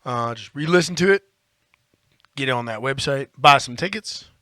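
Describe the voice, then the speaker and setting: A man's voice: medium pitch, animated, normal speed, sharp tone, no room sound, studio quality. A man co-hosting a casual podcast, talking in a playful, jokey, upbeat way. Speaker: podcast co-host.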